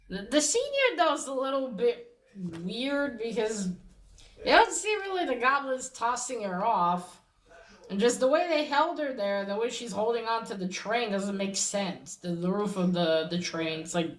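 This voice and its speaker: A woman's voice: medium pitch, expressive, a little slow. A woman giving a casual, rambling recap of a comic, with many fillers and restarts and the odd swear. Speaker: comic reviewer.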